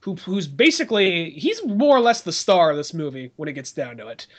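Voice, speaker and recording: A man's voice: a little high, fairly quick. A man co-hosting a podcast, chatting casually about movies, swearing and acting out scenes as he retells them. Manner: loose, profane, animated retelling of scenes. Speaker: podcast co-host.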